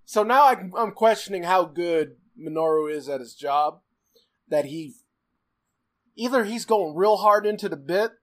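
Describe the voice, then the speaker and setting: A man's voice: high-pitched, expressive, a little slow, a bit bright. A man co-hosting a casual podcast, swearing freely, laughing often and acting out characters' lines as he recaps a show.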